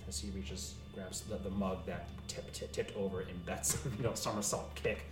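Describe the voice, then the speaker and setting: A man narrating a tabletop game as game master, animated, stumbling over words and laughing. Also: low voice, moderate pace, hardly any pauses, reverberant, far from the mic, music in the background.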